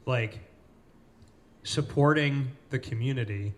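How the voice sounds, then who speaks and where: Animated man telling stories. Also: medium pitch, slow, slight background noise. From Central New York. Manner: animated storyteller, acts out quoted people. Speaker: host. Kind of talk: casual interview storytelling. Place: cafe.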